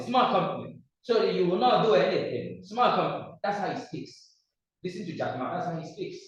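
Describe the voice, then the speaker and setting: A man with a Nigerian English accent teaching public speaking to a live class. He talks emphatically, repeats phrases and quizzes the audience. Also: a little high. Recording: echoey, distant, dull room recording.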